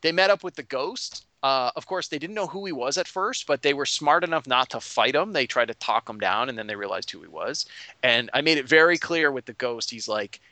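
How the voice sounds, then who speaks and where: A man who is a game master, recapping a tabletop session in animated casual chat. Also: mid-range voice, brisk, no room sound.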